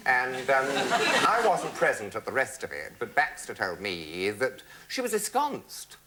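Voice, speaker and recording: Flamboyant storytelling man, bright and lively. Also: unhurried. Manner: flamboyant, camp and highly animated, swooping into mimicry. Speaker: entertainer telling anecdotes to an audience. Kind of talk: theatrical comic storytelling.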